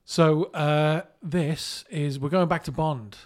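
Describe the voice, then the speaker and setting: A man from England co-hosting a casual movie podcast, jokey and quick to laugh. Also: fairly high pitch, fairly even intonation. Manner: jokey, laughs often, slips into put-on voices. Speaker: podcast co-host.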